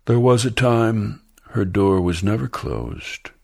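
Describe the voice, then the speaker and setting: Deep, gravelly man reading slowly. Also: darkish tone. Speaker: poet reading his own work. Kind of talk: spoken-word poetry reading.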